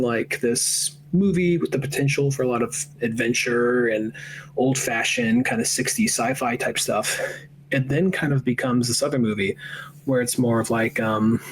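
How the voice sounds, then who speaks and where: Rambling podcast co-host, faint hum. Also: male voice, medium pitch. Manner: rambling, profane, lots of fillers. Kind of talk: casual film review chat.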